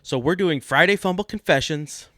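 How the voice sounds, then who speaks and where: A man co-hosting a comedic sports podcast, joking in a deadpan, mock-serious way. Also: on the high side, moderate pace, no room sound, clean studio sound. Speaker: podcast co-host.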